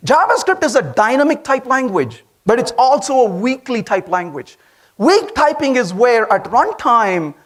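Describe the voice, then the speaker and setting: A man with an Indian accent giving a lively conference talk, telling stories and asking the audience questions. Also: very high-pitched. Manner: animated storytelling, asks the audience questions. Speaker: conference speaker. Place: conference hall.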